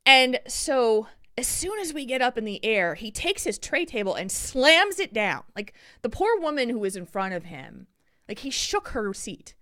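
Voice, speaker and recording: A woman podcast co-host telling a story in casual chat, animated and acting out the people in it. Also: a little high, normal speed, no room sound, clean studio sound.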